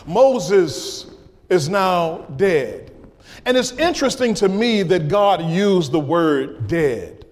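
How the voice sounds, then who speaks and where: A man preaching a sermon as a pastor, impassioned, rising into sung cries and dropping to hushed lines. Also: high-pitched, very animated, slow, long reverb tail.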